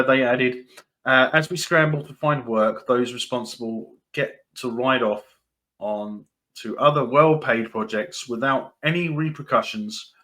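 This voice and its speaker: A man talking casually on his own commentary channel, in a voice of ordinary middle pitch. He rambles with lots of ums and restarts, breaks in with short dry laughs, and is dismissive and repetitive as he hammers his points. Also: a bit bright. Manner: dismissive, repeats points for emphasis. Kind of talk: casual opinion commentary, reading news excerpts.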